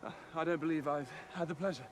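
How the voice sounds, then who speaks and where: An actor playing a jovial uncle who talks in a bluff, gallant way. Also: male voice, a little high, quick pace, noisy background, natural voice. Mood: hearty. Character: jovial uncle, flattering and hearty.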